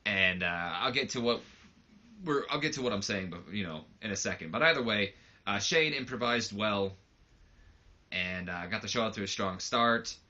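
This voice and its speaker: A man's voice: fairly low pitch, animated, moderate pace, pushed and bright, muffled recording. Rambling male game commentator. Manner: rambling, loose, lots of fillers. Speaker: let's play host. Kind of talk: casual let's play commentary.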